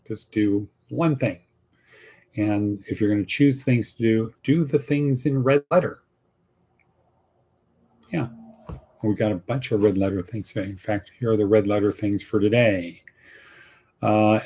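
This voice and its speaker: Man, podcast host, unhurried delivery, husky voice, lowish pitch, folksy and rambling. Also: dark tone. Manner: rambling, folksy, repeats phrases. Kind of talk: casual motivational podcast monologue.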